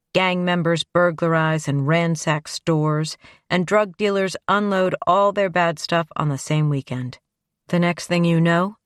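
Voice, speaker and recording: A woman's voice: low voice, no echo. A woman narrating a first-person crime audiobook in a wry, conversational manner on a close studio mic.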